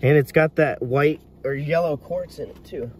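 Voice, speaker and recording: A man prospecting in a hard rock mine, giving excited running commentary to his viewers as he works. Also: on the high side, moderate pace, distant mic, slight background noise. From United States. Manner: excitable, marvelling, talks to viewers.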